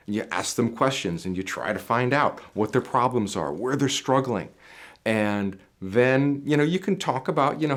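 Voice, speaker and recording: Guy giving job interview advice, medium pitched voice, hammers his points over and over, talks right at you. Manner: emphatic and repetitive, speaks straight to the viewer. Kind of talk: motivational advice monologue.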